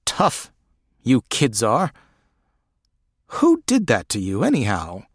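A man's voice: mid-range voice, huge pitch swings, slow pace, husky, no room sound, studio quality, heavily acted. A man voicing an old male slave healer with a brusque, clipped way of talking, in an audiobook. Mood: gruff. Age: older.

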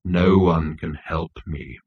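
A man voicing a gloomy male robot who intones slowly and mournfully. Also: lowish voice, steady tone, dull audio, natural voice. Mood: morose.

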